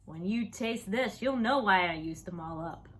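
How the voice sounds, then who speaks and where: A woman's voice: medium pitch, lively intonation, moderate pace, a little hiss or hum, natural voice. A woman voicing a proud, bumbling father in a storybook reading, hearty and coaxing.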